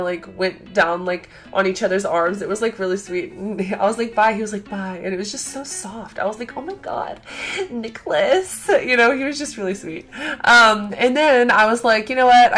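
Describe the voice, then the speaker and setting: A young woman telling a convention story in a casual vlog, chatty and excitable, full of fillers and acted-out quotes. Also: mid-range voice. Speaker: vlogger.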